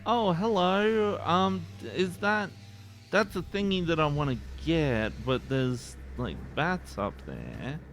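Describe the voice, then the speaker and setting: A man's voice: a little high, sing-song, takes it slowly, a bit bright, faint music behind. A man with an Eastern Australian accent, chatting casually on a game stream in a rambling, laid-back way and laughing often. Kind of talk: casual live-stream chat.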